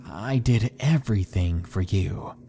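A man's voice: fairly low pitch, a little slow, gravelly, slight background noise. A man playing an obsessive, menacing young man. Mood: creepy. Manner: creepy, intense, shifting from angry to soft.

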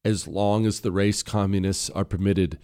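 A man's voice: low voice, fairly even intonation, normal speed, dark tone, clean tone. A man hosting a political commentary show, talking in a combative, sarcastic and mocking way as he reacts to clips.

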